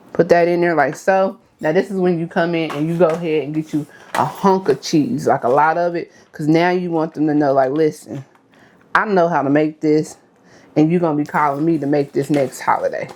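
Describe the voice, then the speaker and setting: A woman's voice: lowish voice, darkish tone. A woman, chatting casually through a cooking demonstration and often calling her viewers y'all. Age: 30s. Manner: chatty, addresses viewers as y'all, frequent okay. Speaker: cooking vlogger.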